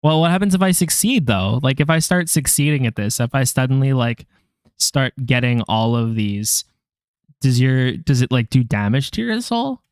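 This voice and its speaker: With lively intonation and a clear, resonant mid-range voice, a young vlogger learning a language talks himself through flashcards at normal speed. He sounds out syllables individually, chats with viewers, and laughs at his own errors. The audio is studio quality with no room sound.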